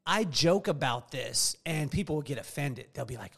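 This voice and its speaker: A man's voice: a little high, lively intonation, normal speed, creaky, fairly bright tone. A middle-aged man hosting a podcast in casual chat, telling jokey stories and laughing often. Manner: joking storyteller, laughs often. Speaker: podcast host.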